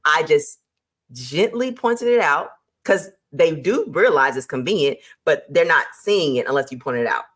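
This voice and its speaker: Lively low-voiced woman giving business tips. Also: normal speed. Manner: lively and emphatic, with sudden jumps in pitch; teacherly, lays out numbered points. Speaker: host. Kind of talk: motivational business advice talk.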